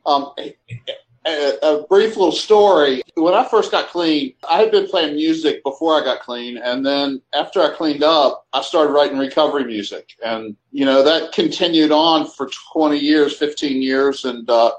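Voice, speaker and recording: A man's voice: on the high side, normal speed, low-quality recording. A middle-aged man, a guest, telling personal stories in a reflective, conversational way. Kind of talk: storytelling conversation.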